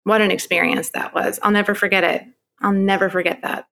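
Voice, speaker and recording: A woman's voice: mid-range voice, level tone, brisk, gravelly, fairly bright tone. A woman in her thirties, a podcast guest, candidly telling a personal story in a rambling way, full of "like" and restarts.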